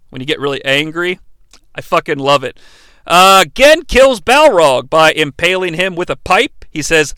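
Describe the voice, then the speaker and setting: A man hosting a comedic movie recap, sarcastic and excitable, swearing casually. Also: high voice, a little fast, smooth, no echo. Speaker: movie reviewer host.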